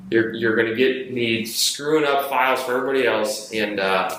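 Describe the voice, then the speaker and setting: A man's voice: normal speed, hardly any pauses, slight background noise. Man telling a work story, echoey phone. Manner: animated storyteller, mimics others in high voices. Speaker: podcast co-host.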